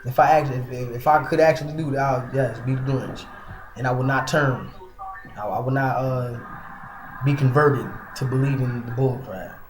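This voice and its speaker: A man preaching to his online followers in a soft, light tone that turns stern and scolding, padding his talk with casual fillers. His voice sits at a middle pitch and rings around a roomy, echoey space with faint background ambience. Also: steady tone, normal speed, a little hiss or hum. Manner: soft-toned but emphatic, scolding, many fillers. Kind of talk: casual religious monologue.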